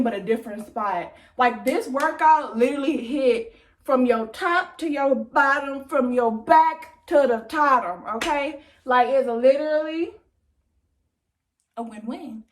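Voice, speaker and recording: A young woman chatting excitedly to her viewers in a vlog, still out of breath after a workout. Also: sits high. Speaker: vlogger. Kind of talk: casual chat to camera.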